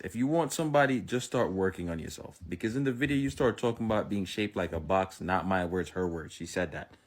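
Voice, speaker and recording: A man's voice: lowish voice, husky. A man reacting to a clip who lectures and hands out advice in mock disbelief. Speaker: commentator. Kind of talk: reaction commentary.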